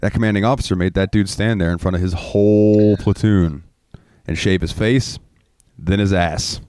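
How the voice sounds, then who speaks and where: Low voiced guy hosting a podcast, rambly swear-y stories, dry close sound. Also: steady tone, normal speed, darkish tone, no room sound. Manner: rambling, profane anecdotes with filler words. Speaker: podcast host. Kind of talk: casual storytelling chat.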